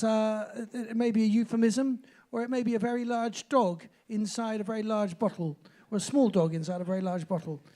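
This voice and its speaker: A man hosting a pub live music night, rambling and chatty between loud announcements. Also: very high voice. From southern England.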